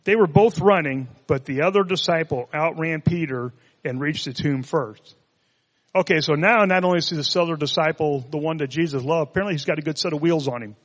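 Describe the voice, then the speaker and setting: A man's voice: fairly high pitch, a little fast, in a large hall. A man preaching a sermon, reading scripture and adding conversational, joking asides. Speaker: pastor.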